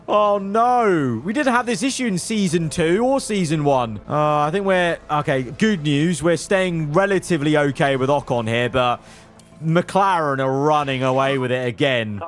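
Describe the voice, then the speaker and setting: Animated and moderately paced, a young gaming video creator provides live commentary on his racing management game. He addresses his drivers directly, his voice swinging from low mumbling to loud bursts.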